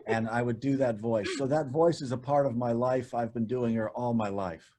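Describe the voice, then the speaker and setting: A man chatting casually as a guest, relaxed and self-deprecating as he looks back on his writing and voice work. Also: medium pitch, moderate pace, a little hiss or hum. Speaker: guest, animation writer and voice actor. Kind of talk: casual chat.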